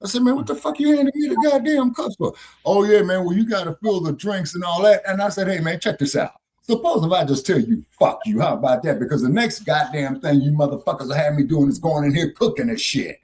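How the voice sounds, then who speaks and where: A man with a husky, slightly high voice tells a story loosely on a live online show. He swears freely and switches between himself and the people he argued with. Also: fairly quick. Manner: animated, swearing, acts out both sides of arguments. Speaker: show host.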